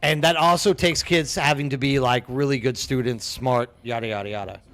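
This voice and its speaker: A man's voice: medium pitch, a little fast, a bit bright. A middle-aged man from Texas, chatting casually with viewers on a game stream, friendly and full of "dude", often repeating words as he goes. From Texas, USA.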